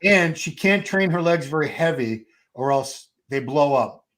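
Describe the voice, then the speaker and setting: A man's voice: on the high side, lively intonation, a little slow, fairly bright tone, slight background noise. A man hosting a live bodybuilding watch party, speaking in a conversational, wry way. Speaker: host of a bodybuilding channel. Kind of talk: casual live-stream chat.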